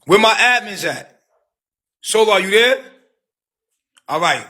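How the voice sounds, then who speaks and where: A man's voice: high-pitched, lively intonation, takes it slowly, bright, forceful tone. A man hosting a livestream, telling a story in a heated, profane rant full of street slang. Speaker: livestream host.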